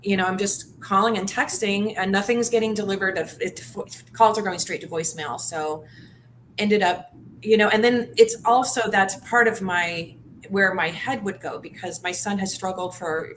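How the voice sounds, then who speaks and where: A woman guest on a live show, telling her personal story haltingly and searching for words. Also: medium pitch, steady tone, a bit bright, a little hiss or hum, rough recording. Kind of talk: personal testimony.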